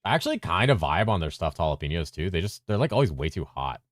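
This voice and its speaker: A man with a very deep voice, chatting casually on a game stream, reading messages from chat aloud and answering them with casual swearing. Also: no echo, studio quality. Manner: lively presenter inflection at times, drops into a flatter low voice at other times; talks fast to keep up with chat.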